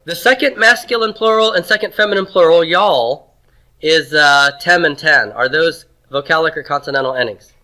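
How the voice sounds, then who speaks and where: Teacher: man, bright tone, quizzes the class and cracks folksy jokes. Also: a little high, moderate pace, rough recording. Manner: drills pronunciation, asks the class questions, folksy jokes. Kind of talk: classroom lecture.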